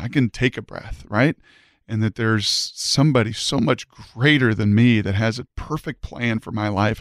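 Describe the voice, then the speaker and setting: Man in his own words, earnest testimony, mid pitch, dry close sound. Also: dry recording. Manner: earnest, emphatic storytelling. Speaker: former high school quarterback. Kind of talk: personal faith testimony.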